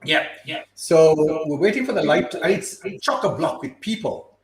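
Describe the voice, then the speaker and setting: A man's voice: on the high side, expressive, moderate pace, echoey room, a crowd in the background, low-quality recording. A man from Botswana, a guest on a casual live-stream chat, telling stories with many restarts and repeated words. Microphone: video call.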